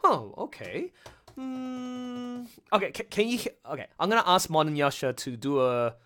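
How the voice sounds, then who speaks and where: A man hosting a casual livestream chat with voice actors, excitable and rambling, laughing often. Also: high voice, normal speed, slight background noise. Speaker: livestream host.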